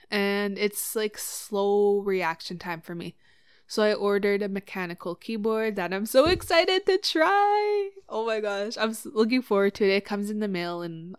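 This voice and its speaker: A woman hosting a casual solo podcast, chatting about her streaming, swearing freely and getting animated when excited. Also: mid-range voice, clean tone, no room sound, studio quality. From Cree community in Canada. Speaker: podcast host.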